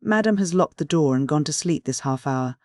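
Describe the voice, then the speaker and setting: A man's voice: fairly high pitch, lively intonation, moderate pace, a little mellow, dry recording, clean studio sound, lightly acted. A man voicing a demure young French maid.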